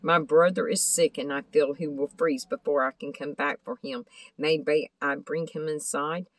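A woman's voice: low-pitched, steady tone, moderate pace, no room sound, close to an everyday voice. A woman voicing an earnest, kind-hearted young man on his way home in a read-aloud storybook. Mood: pleading.

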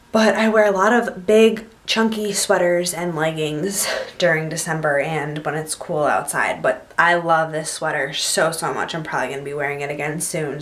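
A young American woman talks to her camera in a loose, rambling way, hopping from one thought to the next. Her voice sits a little low for a woman, and her delivery is relaxed and unpolished, like an easygoing late-night chat from her bedroom. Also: slight background noise. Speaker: vlogger.

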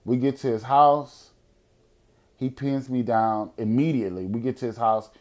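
A young adult man hosting a podcast, telling a personal story in a casual, profane way, at times lively and at times quiet and serious. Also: mid-range voice, moderate pace. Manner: profane, animated storyteller who drops to quiet, serious tones. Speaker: podcast host.

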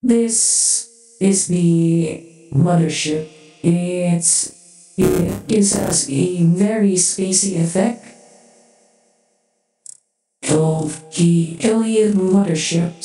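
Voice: mid-range voice, very slow, dark tone, heavy reverb, recorded from a distance, soft background music, poor audio. Someone filtered into a spacey alien voice. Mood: playful. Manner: casual commentary while testing. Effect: spacey voice changer filter.

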